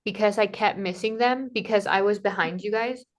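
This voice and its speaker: A woman in casual conversation, telling a personal travel story in a lively way, acting out what people said to her and filling her talk with "like". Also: mid-range voice, moderate pace. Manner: animated, acts out quoted dialogue, many "like" fillers. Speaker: podcast guest, Camino pilgrim.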